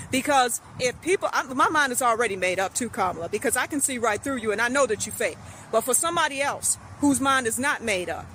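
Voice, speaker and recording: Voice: mid-range voice, pushed and bright, a little hiss or hum, rough recording. A speaker lecturing straight to camera in a repetitive, emphatic rant. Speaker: social media commentator. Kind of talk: direct-address rant to camera.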